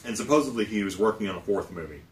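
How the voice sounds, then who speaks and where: Animated man in a roomy distant recording. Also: on the low side, rapid-fire. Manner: animated, swearing, rising into excited emphasis. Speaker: co-host. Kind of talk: casual chat about movies. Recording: roomy sound from a distant mic, faint noise.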